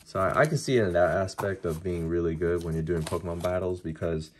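A man casually talking through a card-opening video, chatty and excitable as he reacts to each pull. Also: low-pitched, quick pace, slight background noise.

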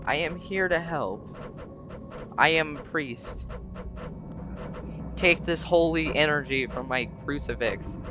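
A man voicing a solemn priest in a game, slow and stiff with a lowered voice. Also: over music. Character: solemn broken-English priest, male, adult.

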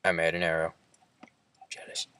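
Guy in a put-on accent teasing his buddy while gaming, lowish voice. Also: completely flat delivery, moderate pace, sharp tone, a little hiss or hum. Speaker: host. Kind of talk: casual gaming chat.

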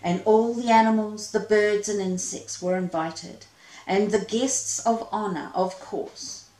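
Slow woman reading a children's story. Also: mid-range voice, steady tone, mellow, reverberant, rough recording. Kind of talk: children's story read-aloud.

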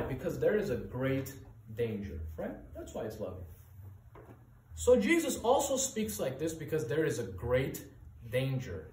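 A male pastor delivers an earnest sermon, pressing his points with urgent rhetorical questions. His voice sits at a middle pitch and rings through a reverberant church room. He stands some way from the microphone, and a faint room hum runs underneath. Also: darkish tone, recorded from a distance. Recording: echoey room, voice from off-mic.

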